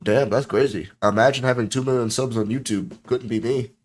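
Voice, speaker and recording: A young man streaming late at night, rambling and joking with himself in a tired, low voice that keeps getting sidetracked. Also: fairly even intonation, fairly quick. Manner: rambling, self-mocking, easily sidetracked. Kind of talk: casual solo stream chat.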